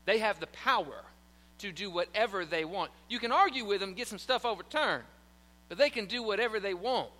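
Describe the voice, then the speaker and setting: A man's voice: high voice, animated, fairly quick, bright, forceful tone. A man preaching a sermon in church, telling a story animatedly and acting out the quotes. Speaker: pastor. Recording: long hall reverb.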